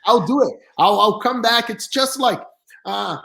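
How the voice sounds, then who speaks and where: A man telling stories as a podcast guest in an animated, chatty way, with slightly non-native grammar. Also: sits high, a little slow, vocal fry. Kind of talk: storytelling in casual chat. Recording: roomy echo.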